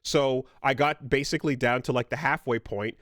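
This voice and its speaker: A man co-hosting a podcast, telling a story in casual chat, animated and swearing freely. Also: mid-range voice, moderate pace, no room sound, clean studio sound. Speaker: podcast co-host.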